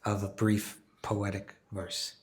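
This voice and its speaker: A man's voice: fairly low pitch, takes it slowly. Emphatic man teaching a scripture class. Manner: animated, emphatic, repeats words while thinking.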